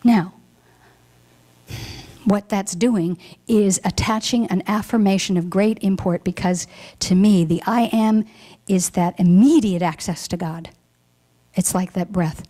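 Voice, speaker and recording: A woman's voice: mid-range voice, normal speed, mellow. Woman minister giving a heartfelt sermon. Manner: heartfelt, reflective, emotional at times. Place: church hall.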